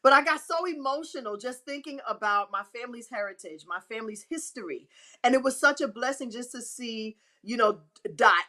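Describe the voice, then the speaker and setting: A woman speaking as an inspirational speaker in a faith-filled motivational talk, emphatic and repeating phrases for effect. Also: pushed and bright. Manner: acts out quotes with pitch swings.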